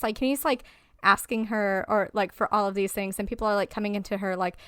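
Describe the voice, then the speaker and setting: A woman's voice: mid-range voice, fairly quick, clean tone, dry recording, studio quality. A woman co-hosting a podcast, chatting casually, swearing freely and laughing often. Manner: profane, animated, laughs often. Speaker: podcast co-host. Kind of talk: casual chat.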